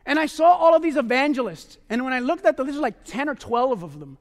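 A man preaching a testimony sermon in an animated way, often calling his listeners "my loved ones" and asking "amen?". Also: extremely high pitch, fairly quick, long reverb tail.

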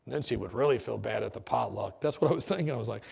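A man preacher telling his testimony in a sermon, acting out dialogue and halting with fillers. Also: medium pitch, creaky, darkish tone, breathy edge.

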